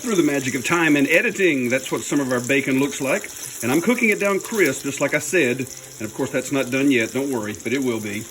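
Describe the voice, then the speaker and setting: A man's voice: medium pitch, animated, a little fast, a bit bright, slight background noise. A man hosting his own cooking video, chatting upbeat and joking as he cooks at the stove. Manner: upbeat, jokey, chatty asides. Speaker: cooking show host. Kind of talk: casual cooking demonstration.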